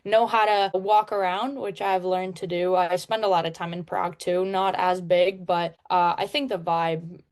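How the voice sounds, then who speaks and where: A woman's voice: fairly low pitch, little pitch movement, moderate pace. A young woman in her twenties, a Czech-born hockey player, chatting casually as an interview guest with many "like"s. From Czech Republic. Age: 20s. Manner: chatty, lots of "like", upbeat.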